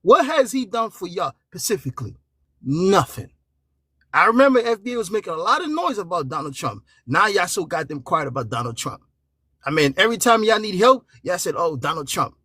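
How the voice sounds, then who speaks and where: A man's voice: high voice, sing-song, brisk, sharp tone, slightly rough, dry recording, clean studio sound. A man on a live debate panel, arguing emphatically and mocking his opponent, laughing between jabs. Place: at home.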